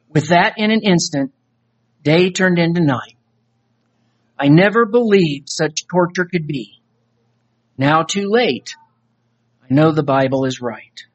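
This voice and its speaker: Male preacher, sermon, earnest, solemn, slow delivery, fairly high voice. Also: dull audio. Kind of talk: sermon with recited dramatic poem.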